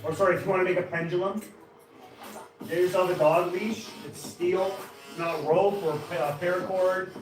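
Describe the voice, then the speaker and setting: A man with a high voice hosts a casual live stream, chatting to viewers and breaking into loud, excited exclamations. He sits well back from the mic in an echoey room, with music playing behind him. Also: moderate pace, far from the mic. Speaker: live-stream host doing knife-throwing trick shots.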